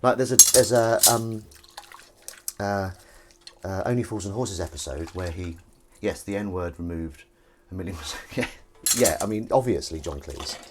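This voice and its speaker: A man's voice: sits low, normal speed, slight background noise. A man hosting a livestream, chatting and rambling while washing dishes. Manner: rambling, chatty, self-interrupting. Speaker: livestream host. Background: clattering dishes and cutlery.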